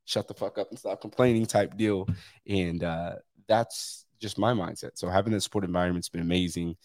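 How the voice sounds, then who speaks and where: A man's voice: sits low, steady tone, brisk, a little mellow, no echo. A man hosting his own podcast, talking bluntly and candidly with frequent swearing. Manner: blunt, profane, emphatic. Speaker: podcast host. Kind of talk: candid solo podcast monologue.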